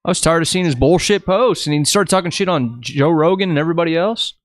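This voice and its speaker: A man's voice: a little high, quick pace, no echo, clean studio sound. A man co-hosting a fight watch party podcast, talking bluntly and swearing freely in casual chat. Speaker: podcast co-host.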